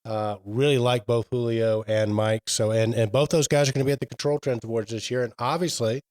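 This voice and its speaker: A man's voice: medium pitch, fairly even intonation, a little fast, a little mellow, low-quality recording. A man co-hosting a trade podcast in casual chat, telling stories in a rambling way with many fillers. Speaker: podcast co-host.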